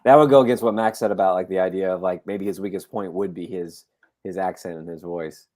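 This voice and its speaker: A man's voice: deep voice, fairly even intonation, a little fast, a little mellow. A man co-hosting a casual podcast, joining in with teasing, playful banter. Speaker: podcast co-host.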